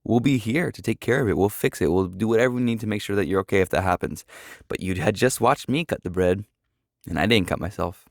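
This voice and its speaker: A man voicing a kind, patient woman who gently reassures a child she is teaching. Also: lowish voice, quick pace, creaky, dry recording, studio quality. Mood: reassuring.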